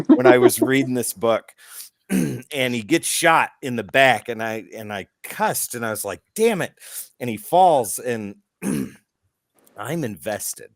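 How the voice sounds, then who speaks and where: A man with a medium-pitched voice co-hosts a casual comic-book podcast, retelling scenes in animated fashion, acting out quotes, and swearing occasionally. The recording is dry, with clean studio sound.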